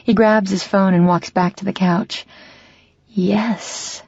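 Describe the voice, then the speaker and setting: A woman's voice: mid-range voice, steady tone, normal speed, darkish tone, no room sound. A woman reading a romance audiobook in an intimate first-person style, slightly muffled and dry. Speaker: audiobook narrator. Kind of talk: scripted narration of a romance novel.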